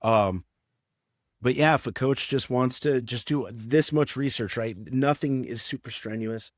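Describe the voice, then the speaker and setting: A man's voice: medium pitch, measured pace, no echo, studio quality. A man who works as a strength and conditioning coach, explaining training in a casual podcast interview with lots of fillers.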